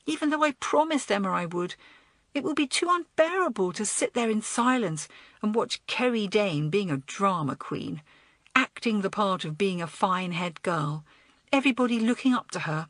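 A woman voicing a caring, spirited young schoolgirl who talks in an earnest, brisk, coaxing way in an audiobook. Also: medium pitch, expressive, fairly bright tone, dry recording, clean studio sound. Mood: anxious. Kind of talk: audiobook character voice.

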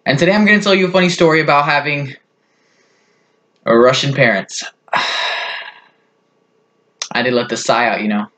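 A man's voice: medium pitch, normal speed, pauses often, fairly bright tone. A man casually telling a funny family story on his vlog, rambling with lots of fillers. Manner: rambling, full of "like" and "you know". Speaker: vlogger.

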